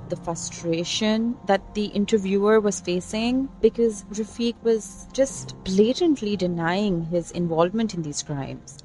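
A woman's voice: medium pitch, darkish tone, poor audio. A woman hosting a true-crime podcast, telling the case in a casual, reflective way with filler words.

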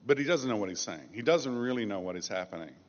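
Low-voiced male preacher in a reverberant space. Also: expressive. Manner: measured, with emphatic slow phrases. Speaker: pastor. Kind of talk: sermon. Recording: dull lo-fi sound with long reverb.

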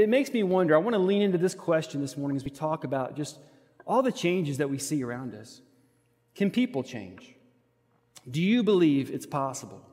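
Man preaching in a reverberant church. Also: a little high. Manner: earnest, swinging from soft to emphatic. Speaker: pastor. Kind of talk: sermon. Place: church sanctuary. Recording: long hall reverb.

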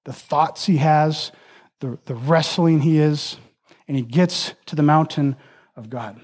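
Male preacher with a high voice, earnest and emphatic in the pulpit. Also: a little slow, darkish tone. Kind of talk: sermon.

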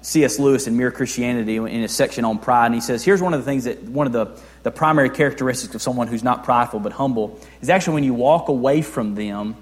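A young male pastor gives a conversational sermon, firing off rhetorical questions and moving from hushed to raised delivery. His voice carries a long reverb tail from a large church hall. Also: mid-range voice, quick pace, few pauses. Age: young adult. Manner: conversational preaching with rhetorical questions, swings between soft and loud.

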